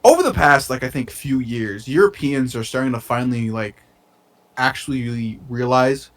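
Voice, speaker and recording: A young American man at medium pitch and normal speed co-hosts a podcast from his bedroom. He chats casually, excitable and rambling, swearing a lot.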